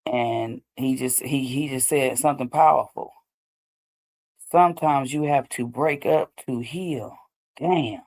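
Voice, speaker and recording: A woman's voice: extremely low pitch, a little slow, a little mellow. A woman hosting a show, talking casually and loosely about healing after heartbreak, often asking "you know what I'm saying". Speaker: host. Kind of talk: casual advice talk.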